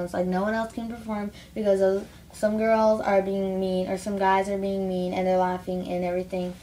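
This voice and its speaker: A woman's voice: medium pitch, a little mellow, slight background noise. A teenage girl ranting bluntly to camera in a casual vlog, rambling with lots of "like". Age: teens. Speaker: vlogger.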